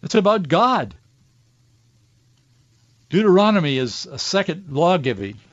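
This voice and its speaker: A man's voice: high voice, big pitch swings, unhurried, no room sound. A male radio talk host giving impassioned Christian commentary, earnest and preachy, with an emotional pull. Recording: dull, dry studio sound.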